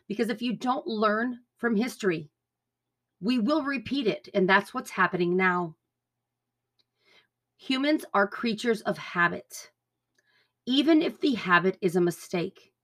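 A woman's voice: medium pitch, expressive, a little slow, fairly bright tone. Profane ranting woman. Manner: angry, profane, rambling. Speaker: podcast host. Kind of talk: political rant monologue.

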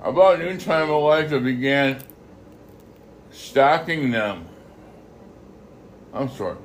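Slow, halting man reading scripture. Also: medium pitch, lively intonation, a little hiss or hum. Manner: halting, repeats and corrects phrases as he reads. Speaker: scripture reader. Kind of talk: reading a Bible passage aloud.

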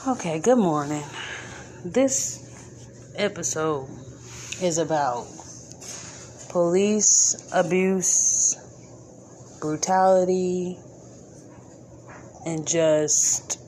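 In a low, warm voice, a woman hosts a podcast, offering casual commentary with colloquial grammar and indignantly repeating her points for emphasis. A little hiss or hum is audible.

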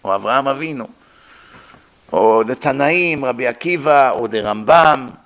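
An aged man giving a religious lecture, animated and conversational, acting out the sounds he describes. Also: mid-range voice, moderate pace. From Middle East. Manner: animated, demonstrates throat sounds, conversational asides.

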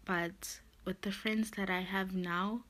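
A woman's voice: mid-range voice, steady tone, slow, fairly bright tone. A woman hosting a podcast, sharing a heartfelt personal monologue while close to tears, filling her talk with "you know" and "literally". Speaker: podcast host.

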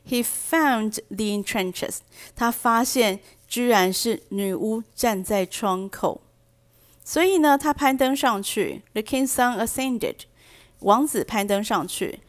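A woman teaching vocabulary through a storybook, reading each line slowly and then translating and explaining it. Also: fairly high pitch. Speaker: English teacher. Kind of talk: bilingual storybook lesson.

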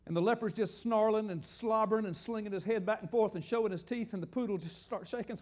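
An older man preaching a sermon, animated and joking, often asking the audience questions. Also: high voice, quick pace, few pauses. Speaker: pastor. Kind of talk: sermon teaching with slides.

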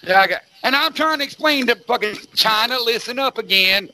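A man's voice: very high voice, lively intonation, a little fast, bright, forceful tone. A man hosting a podcast, ranting emphatically in casual talk, repeating himself and swearing constantly. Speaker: podcast host. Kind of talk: profane ranting podcast chat.

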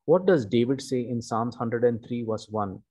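Male preacher, husky warm tone, deliberate emphatic sermon delivery. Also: medium pitch. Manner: slow, emphatic teaching with repeated "okay" and "you know".

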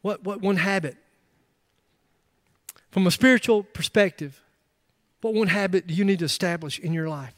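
High-voiced man preaching a lively sermon. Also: normal speed, long pauses, no echo, studio quality. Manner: emphatic, rising to loud bursts with joking asides. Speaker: pastor.

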